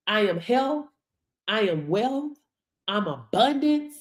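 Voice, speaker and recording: A woman's voice: mid-range voice, expressive, slow pace, reverberant. A woman in giving a sassy, preachy motivational talk to her livestream viewers, calling them baby. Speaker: livestream business mentor.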